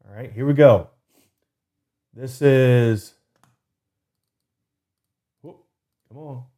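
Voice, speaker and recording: A man hosting a faith podcast, talking loosely and earnestly and slowing down to read scripture with emphasis, recorded at a desk setup. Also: medium pitch, warm tone. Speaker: podcast host. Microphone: computer desk setup.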